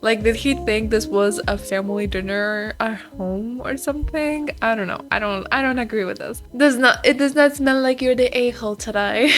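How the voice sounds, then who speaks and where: Woman reaction host, chatty and giggly, slightly high voice, faint music bed. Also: moderate pace, fairly bright tone. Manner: chatty, laughs often. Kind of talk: casual reaction and reading aloud.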